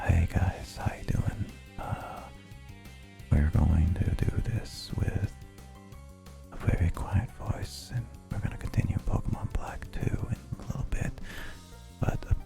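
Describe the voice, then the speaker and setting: A man in a whispered role-play, playing a soft-spoken ASMR whisperer, slow and close to the mic. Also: deep voice, vocal fry, music in the background, exaggerated voice. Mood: hushed.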